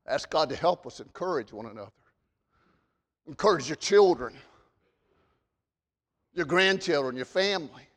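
A man preaching a sermon, stammering on repeated words and swinging between loud emphasis and quiet asides. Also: on the high side, lively intonation, normal speed, pauses often, in a large hall.

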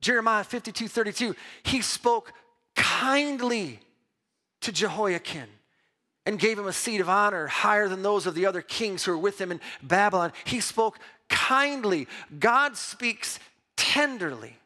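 A man preaching a sermon as pastor, emphatic and lively, mixing Bible reading with personal stories told with restarts. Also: sits high, moderate pace. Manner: repeats words and restarts when telling stories.

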